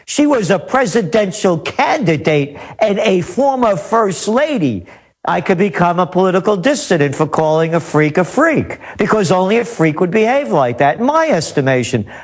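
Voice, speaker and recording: A man speaking as a guest forecaster in a talk radio interview, indignant and scornful. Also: high-pitched.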